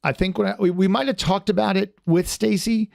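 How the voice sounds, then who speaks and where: A man's voice: sits high, steady tone, fairly quick, creaky, a little mellow, no room sound, clean studio sound. A man hosting a podcast in casual chat, rambling with many restarts and fillers in a friendly, chatty way. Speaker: podcast host.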